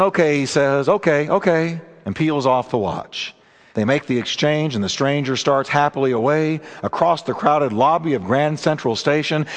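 A man preaching a sermon and telling stories, emphatic with dramatic pauses. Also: fairly high pitch, in a large hall. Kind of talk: sermon with storytelling.

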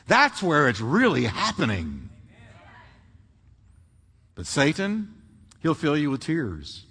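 A man preaching a sermon, swinging between booming emphasis and hushed, drawn-out phrases. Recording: long hall reverb.

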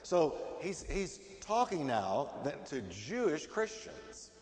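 A middle-aged male pastor preaches with lively, swinging pitch in a fairly high voice. He talks emphatically and keeps asking his listeners rhetorical questions. A long hall reverb trails behind every phrase. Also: slow, slight background noise. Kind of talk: sermon.

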